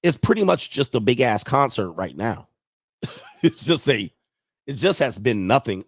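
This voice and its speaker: A man's voice: medium pitch, sing-song, a little slow, slightly rough, dry recording, studio quality. A man hosting a casual sports livestream, thinking aloud as he goes and chuckling often while he reads viewer messages. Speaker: sports show host.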